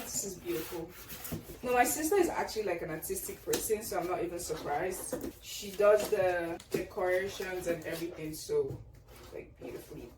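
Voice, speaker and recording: A young woman vlogger unboxing birthday gifts in casual chat, gushing and exclaiming often. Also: mid-range voice. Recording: roomy echo, distant mic, faint noise.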